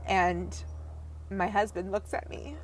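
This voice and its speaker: Young woman on a podcast telling her story, halting, keeps trailing off quiet, mid pitch voice. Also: fairly even intonation, a little hiss or hum. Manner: halting, breaks off and restarts, voice drops to near whisper at times. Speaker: podcast guest. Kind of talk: emotional personal storytelling.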